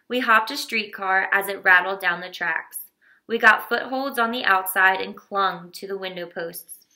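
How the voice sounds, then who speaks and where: A woman narrating a children's novel in a steady, expressive reading voice. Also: medium pitch. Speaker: audiobook reader.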